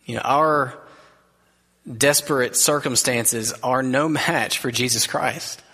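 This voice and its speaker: A man's voice: medium pitch, slow, husky. Man preaching in a reverberant hall. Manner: earnest, conversational preaching with soft quoted asides. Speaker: pastor. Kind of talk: sermon. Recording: long reverb of a large hall.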